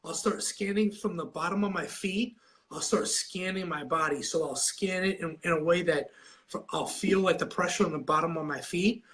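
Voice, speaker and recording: A man's voice: high-pitched, moderate pace, a bit bright. A man fighting a cold, a little nasal, coaching on anxiety in a live video and talking in a rambling, repetitive way with many restarts. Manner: rambling, repeats and restarts a lot; demonstrates breathing while talking.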